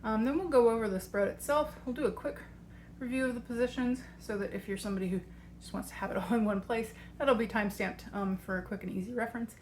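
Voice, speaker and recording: On her channel, a tarot coach explains a tarot practice in a casual walkthrough, talking fast in a high, darkish-toned voice. She's out of breath and rambles chattily, and slight background noise can be heard.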